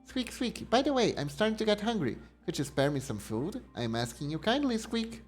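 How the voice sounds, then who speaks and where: A man voicing a small, polite hedgehog knight traveler who squeaks between his words. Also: big pitch swings, moderate pace, soft background music. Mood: polite squeaky. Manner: squeaky, courteous, peppers speech with squeaks.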